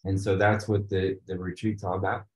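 A man's voice: low voice, level tone, a little fast, darkish tone. Earnest man in an echoey room. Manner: earnest, enthusiastic, motivational. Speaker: interview guest, retreat organizer. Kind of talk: casual interview.

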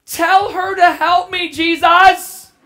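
A frantic, whiny woman pleads and complains about her sister in a high, sharp voice, put on by a woman preacher. Her bright tone pushes up with every plea. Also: fairly even intonation, slow, full character voice. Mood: whiny pleading.

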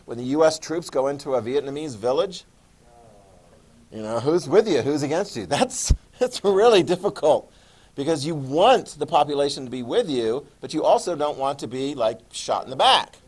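A man's voice: fairly high pitch, animated, normal speed, darkish tone, husky. A man gives a history lecture to his class in a loose, conversational way. He stops often to ask his students whether they follow, then picks the thread back up. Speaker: history teacher.

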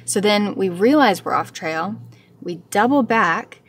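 A young American woman narrates her travel vlog in a candid, chatty way. Her voice sits at an ordinary middle pitch. A faint hiss runs underneath. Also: animated, a little slow. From United States. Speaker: travel vlogger.

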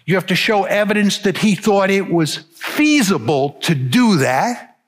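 A man's voice: high-pitched, lively intonation, unhurried. An older man giving a public lecture, arguing his case emphatically and stressing key words. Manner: emphatic, argumentative.

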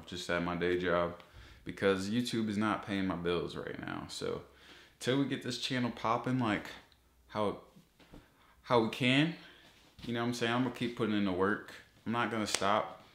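Profane ranting man, low voice, roomy echo. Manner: profane, animated ranting, voice jumping high when exasperated. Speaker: YouTuber. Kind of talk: casual ranting vlog.

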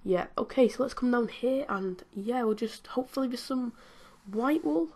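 A British woman who hosts a gaming channel chats and giggles her way through a video game, talking to its characters as she plays. Her voice sits on the high side, a little mellow, at a moderate pace.

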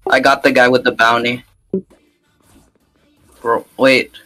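A man chatting excitedly with friends while playing an online shooter, yelping and laughing under fire. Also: medium pitch, takes it slowly, soft background music. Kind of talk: casual gameplay chat.

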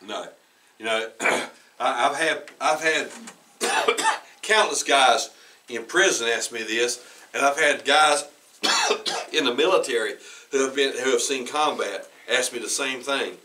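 Male pastor, conversational sermon, restarts and throat-clearing, bright tone, mic at a distance. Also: medium pitch, expressive, takes it slowly, slight background noise. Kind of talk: sermon with personal storytelling. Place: church sanctuary. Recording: bright voice heard from away from the mic.

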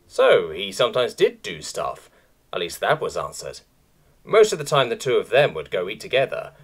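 A male narrator reads a story aloud with a lowish voice and very lively, wide-ranging pitch. Soft music sits faintly behind his expressive, scripted delivery.

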